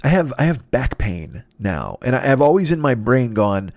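Alone on his podcast, a man rambles on, cursing and poking fun at himself, tired, yawning and a little stuffed up. His mid-range voice is darkish, swinging widely in pitch at a normal pace, with no room sound.

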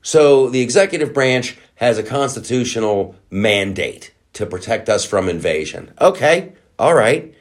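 A man's voice: medium pitch, animated, a little slow. A male podcast host delivering an indignant, profanity-laced political monologue, with frequent restarts and fillers.

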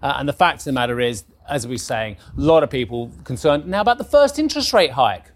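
Man, fifties, markets presenter, live business news, animated, direct to viewers. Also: mid-range voice, fast.

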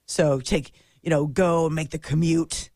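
A woman's voice: deep voice, fairly even intonation, measured pace, darkish tone, no room sound, studio quality. A woman co-hosting a morning radio show, chatting casually with a lot of giggles and trailing fillers. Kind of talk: casual on-air banter. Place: radio studio.

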